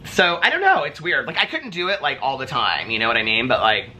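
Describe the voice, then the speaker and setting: A man vlogging from a hotel room, telling stories in a chatty, animated way with lots of fillers. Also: medium pitch, fairly quick, slight background noise. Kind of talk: casual chat to camera.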